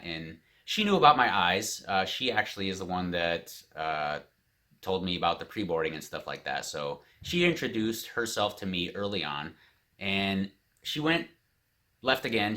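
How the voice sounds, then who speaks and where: A man with a lowish, bright voice recounts a personal story in vlog style. His pitch swings widely as he replays conversations, but the people he quotes keep his own voice. He talks casually, with plenty of fillers. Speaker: vlogger.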